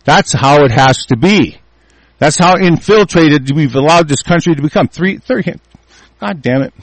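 A man in a furious, profane rant, repeating himself and shouting through restarts. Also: fairly high pitch, animated, normal speed, dry recording. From United States. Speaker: ranting commentator.

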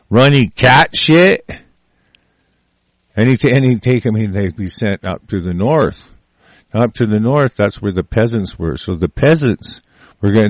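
An older man rants on camera in a heated, rambling political tirade, swearing constantly and breaking off to restart his sentences. His voice sits on the low side, and the recording is close and dry. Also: no room sound. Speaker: vlogger. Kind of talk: profane political rant.

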